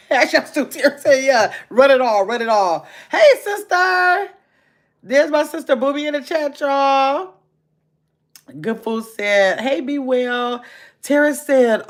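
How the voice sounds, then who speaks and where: Fast-talking woman hosting a livestream. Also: a little high. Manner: talks fast, says so herself; lively, chatty, laughs easily. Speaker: livestream host. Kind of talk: casual livestream chat, reading comments aloud.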